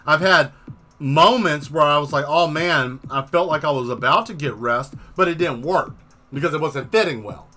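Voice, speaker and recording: Exasperated man ranting with a bright voice. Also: a little high, moderate pace, faint music behind. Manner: exasperated, profane, animated retelling. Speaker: host. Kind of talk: casual storytelling rant.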